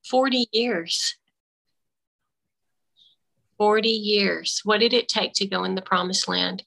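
A woman's voice: medium pitch, slow, creaky, pauses often, fairly bright tone, low-quality recording. A woman on a remote call through earbuds, telling a faith testimony in casual conversation and animatedly acting out her own dialogue. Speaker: guest. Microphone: AirPods.

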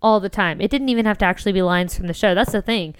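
A woman co-hosting a casual podcast chat, teasing her co-host in quick banter. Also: medium pitch, smooth.

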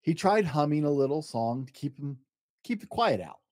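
A man hosting a storytime show, reading a children's picture book aloud with dramatic pauses. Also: dry recording, studio quality. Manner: expressive, dramatic pauses, lively pitch. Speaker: storytime podcast host and reader. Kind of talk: bedtime story read-aloud.

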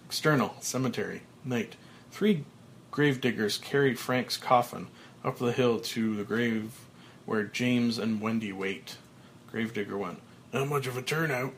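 A man reading a film screenplay aloud, giving stage directions in a low, measured voice. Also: a little hiss or hum. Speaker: script reader.

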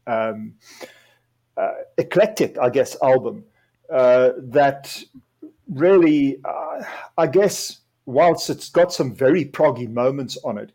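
A man's voice: mid-range voice, a little mellow. A man co-hosting a podcast, casually reviewing an album with enthusiasm and a few fillers. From South Africa. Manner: enthusiastic, measured delivery with fillers. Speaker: podcast co-host.

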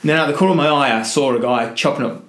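A man guesting on a podcast, telling an adventure story in an animated way, acting out voices and restarting his sentences. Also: medium pitch, rapid-fire, reverberant. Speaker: guest, adventurer and motivational speaker.

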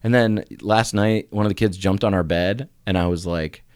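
A middle-aged man co-hosting a casual church podcast, telling stories with frequent laughter and jumping into a high voice when he acts out quotes. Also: fairly even intonation, normal speed, darkish tone, smooth, no echo, studio quality. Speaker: podcast co-host.

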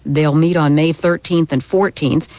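A woman anchoring a radio newscast in a measured, formal manner. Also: deep voice, fairly even intonation, dark tone, no room sound. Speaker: news anchor. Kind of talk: radio news reading.

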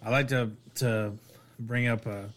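A man's voice: fairly even intonation, measured pace, fairly bright tone, slight background noise. Rambling man telling a story. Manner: rambling storyteller, acts out quotes with raised pitch. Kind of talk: casual chat.

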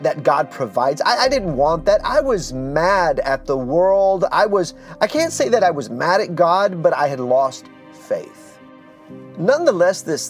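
A man telling his life story as a testimony, earnest and animated, dropping to a hush at heavy moments. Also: fairly high pitch. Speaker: speaker giving a personal testimony.

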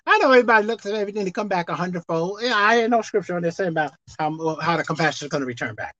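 A woman pastor preaching a sermon, swinging from soft, quiet asides to shouted emphasis. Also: lowish voice, lively intonation, rapid-fire. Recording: dull dry sound.

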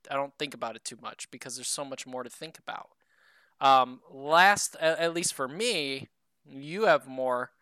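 A man co-hosting a podcast in loose, rambling chat, swearing casually and poking fun at himself. His voice is bright and crisp. It is recorded dry and close. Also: medium pitch, dry recording. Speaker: podcast co-host.

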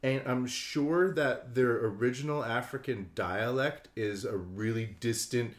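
A man co-hosting a podcast in casual chat, telling travel stories in an animated, excitable way. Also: mid-range voice, measured pace. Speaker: podcast co-host.

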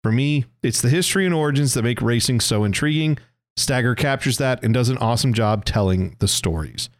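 A man's voice: mid-range voice, expressive. A man in his thirties hosting a casual podcast from a basement, chatty and joking. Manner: chatty, joking, quick asides. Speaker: podcast host.

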